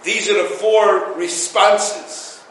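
Male rabbi, high and emphatic, distant mic in a booming room. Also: drawn-out words, a little hiss or hum. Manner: emphatic, animated storytelling with Hebrew and Yiddish terms. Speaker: rabbi giving a Torah class. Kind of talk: Torah lecture with stories. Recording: echoey room, voice from far off.

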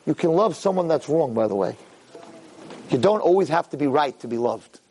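A man in his fifties giving an animated Jewish ethics talk as a rabbi lecturer, repeating phrases for emphasis and dropping Hebrew and Yiddish terms. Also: normal speed, slightly rough, rough recording. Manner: animated, swings from low asides to high shouted quotes.

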